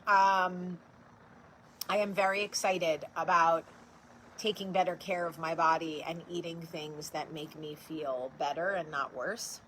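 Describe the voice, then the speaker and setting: A woman's voice: lowish voice, fairly even intonation, unhurried, a bit bright, slight background noise, poor audio. A woman in her forties from New Jersey, hosting a casual live-stream chat and talking straight to her viewers with blunt, profane humor. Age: 40s. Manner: talks straight to viewers and answers their comments. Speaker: host of a live video show.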